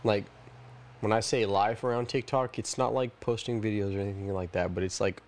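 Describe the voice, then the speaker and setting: A man's voice: on the low side, fairly even intonation, a little fast, darkish tone. A young man co-hosting a podcast in casual chat, earnest and reflective, often hedging his views. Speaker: podcast co-host.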